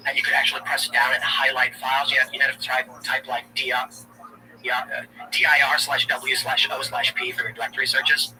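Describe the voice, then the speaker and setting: A man's voice: medium pitch, pushed and bright. Rambling man with a distant mic. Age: late 30s. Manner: rambling anecdotal storyteller, laughs at own jokes. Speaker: livestream host. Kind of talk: casual chat. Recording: distant mic with noisy ambience.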